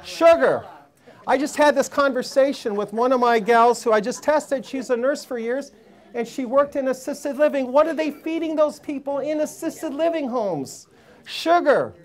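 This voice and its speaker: A man's voice: extremely high pitch, moderate pace. A man giving a live seminar talk to a room full of people, emphatic and preachy, firing rhetorical questions at the audience. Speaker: health seminar speaker.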